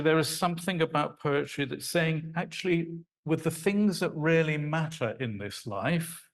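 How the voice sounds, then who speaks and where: A man giving a live lecture on poetry to an audience, talking in an animated, conversational way and acting out sounds and rhythms. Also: a little high. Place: lecture hall.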